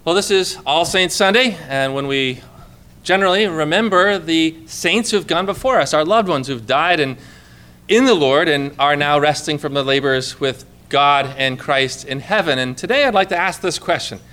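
High-voiced pastor preaching earnestly. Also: male voice, moderate pace, sharp tone. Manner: earnest, conversational preaching with rhetorical questions. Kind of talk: sermon.

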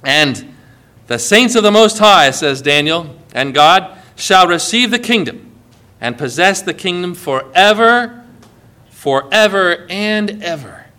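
A male pastor delivers an impassioned sermon, leaning into scripture quotations. His voice sits high and rings bright and forceful. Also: lively intonation, slow. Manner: impassioned preaching, quotes scripture.

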